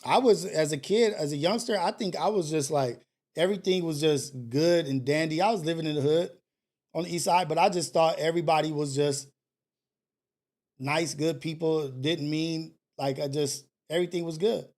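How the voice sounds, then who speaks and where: A man hosting a live call-in stream, talking casually and preachily, swinging between loud scolding and low murmurs. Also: moderate pace. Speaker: host of a live call-in show.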